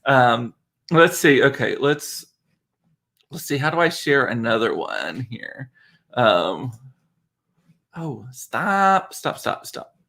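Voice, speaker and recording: A man's voice: medium pitch, big pitch swings, slow pace, creaky, pauses often, sharp tone. A man hosting a casual livestream from his home computer, chatty and laughing at himself. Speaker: livestream host, father. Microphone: computer mic.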